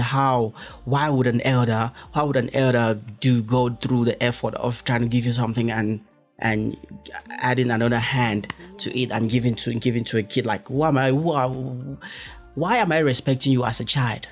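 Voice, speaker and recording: A man's voice: mid-range voice, steady tone, normal speed, soft background music. A young man hosts a casual solo podcast, rambling and correcting himself as he goes. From West Africa. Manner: rambling, self-correcting, joking, exclaims in quoted reactions. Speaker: podcast host.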